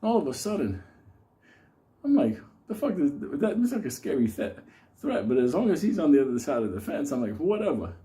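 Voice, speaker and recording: Animated, laughing man telling a story. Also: mid-range voice, a little fast. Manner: animated, profane, laughing often. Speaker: host. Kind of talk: casual storytelling.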